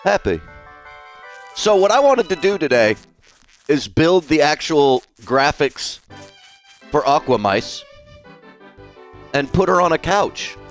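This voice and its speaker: A man live-streaming while he draws, chatting casually, swearing freely and reading out viewers' messages. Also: on the high side. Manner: chatty, swears freely, reads chat aloud.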